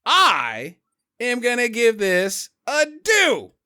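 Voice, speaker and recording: A man hosting a podcast in casual chat, animated and joking, with silly sound effects. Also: very high-pitched, slow pace, clear, resonant tone, no room sound. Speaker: podcast host.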